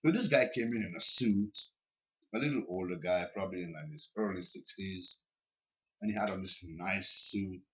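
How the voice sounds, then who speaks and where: A man who is a podcast guest, telling a personal story in a casual, animated way and often repeating words, recorded in a basement. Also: deep voice, moderate pace.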